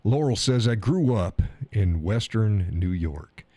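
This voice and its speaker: Middle-aged man, Oklahoma accent, teasing stream host; dark, dry sound. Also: lowish voice, lively intonation, slow pace, slightly rough, dry recording. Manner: laughs often, teasing and blunt. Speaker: live stream host reading chat. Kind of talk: casual chat.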